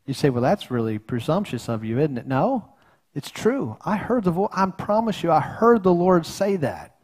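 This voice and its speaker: Folksy middle-aged male pastor, slightly high voice, earnest sermon delivery with frequent restarts. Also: sing-song, normal speed, darkish tone, breathy edge. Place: church sanctuary.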